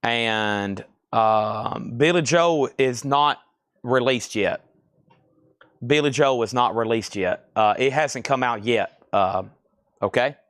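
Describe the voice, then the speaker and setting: A man's voice: mid-range voice, takes it slowly, a bit bright, no echo, studio quality. Chatty man calling bids on a live sale. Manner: chatty, reads out items and bids, self-deprecating about pronunciation. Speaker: seller hosting a live record auction stream. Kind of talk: live sales stream, calling bids and prices.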